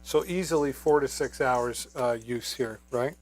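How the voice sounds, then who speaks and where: A man's voice: mid-range voice, measured pace, faint music behind. A man hosting a live shopping stream on a wireless microphone, talking casually with many fillers. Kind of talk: live product demo.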